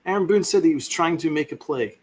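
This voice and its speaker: A man's voice: fairly high pitch, lively intonation, a little fast, husky. A man hosting a sports podcast, ranting with fiery sarcasm and heavy swearing. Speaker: podcast host.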